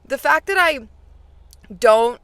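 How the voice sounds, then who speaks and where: Speaking slowly in a high, slightly bright voice with lively intonation, a woman in her twenties addresses her viewers directly in a dry recording. As a faith vlogger, she keeps the chat casual and packed with fillers.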